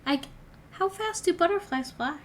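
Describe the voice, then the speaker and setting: A woman's voice: very high-pitched, expressive, moderate pace, a little hiss or hum. A young woman vlogger reading her old story aloud and breaking off for wry, chatty asides. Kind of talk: reading aloud with casual commentary.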